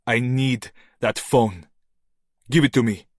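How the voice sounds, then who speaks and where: A man's voice: mid-range voice, slow pace, no echo, clean studio sound. A man voicing a desperate young French man who pleads urgently. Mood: insistent.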